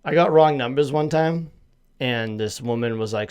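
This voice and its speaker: A man's voice: mid-range voice, moderate pace, a little mellow, smooth. Rambling self-mocking podcast guy. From Massachusetts. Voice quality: slight lisp. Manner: rambling, self-deprecating, jokey with many fillers. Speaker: podcast host. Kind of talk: casual solo podcast chat.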